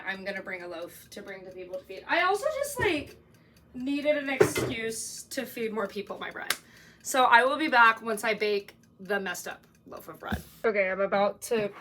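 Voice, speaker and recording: A young woman talking casually to a phone camera in her home kitchen, chatty and excitable, often laughing. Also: mid-range voice, slight background noise. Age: young adult. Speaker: vlogger. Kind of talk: casual vlog chat.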